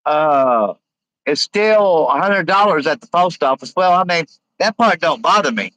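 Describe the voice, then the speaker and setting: A man hosting a casual live stream, rambling with many halting fillers as he reads out viewer comments. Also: fairly high pitch, expressive, fairly bright tone, no room sound, low-quality recording.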